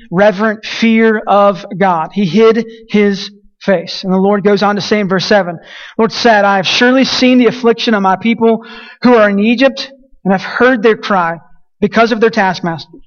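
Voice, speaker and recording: A man's voice: sits high, muffled recording. A man preaching a sermon as pastor, emphatic and repetitive, with frequent restarts.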